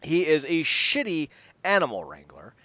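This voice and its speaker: Male podcast co-host, lively, slightly high, rambling and profane, dry close sound. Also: normal speed, no echo. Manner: animated, profane, rambling with many restarts. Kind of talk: casual chat.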